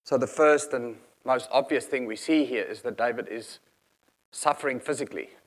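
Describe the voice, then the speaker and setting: A man's voice: medium pitch, normal speed. A man preaching a sermon in an earnest, explanatory manner, reading scripture aloud and unpacking each verse.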